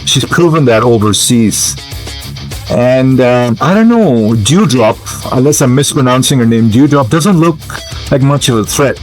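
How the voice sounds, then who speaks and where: A man's voice: medium pitch, expressive, unhurried, soft background music. A man giving casual, musing gameplay commentary, hesitant and full of fillers as he thinks aloud. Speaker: gamer commentator.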